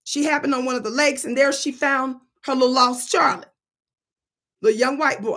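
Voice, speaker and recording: Woman channel host, high voice, animated and preachy storytelling. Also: normal speed. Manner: animated and preachy, plays with words. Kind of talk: storytelling commentary monologue.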